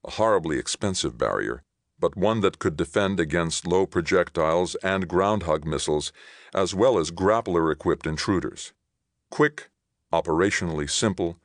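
Very deep-voiced male narrator. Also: no room sound, clean studio sound. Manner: steady, measured reading. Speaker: audiobook reader. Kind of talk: scripted narration.

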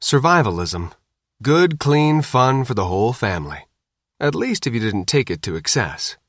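This is scripted audiobook narration of a novel by a man whose mid-range voice keeps a normal speed and a wry, steady manner. The recording is dry with clean studio sound.

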